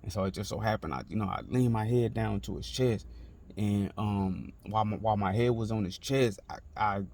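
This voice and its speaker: Gravelly low-voiced man telling a story. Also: darkish tone. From Texas. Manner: slow, repetitive street-talk retelling, many fillers and restarts. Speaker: author telling his life story. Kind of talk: personal storytelling to camera.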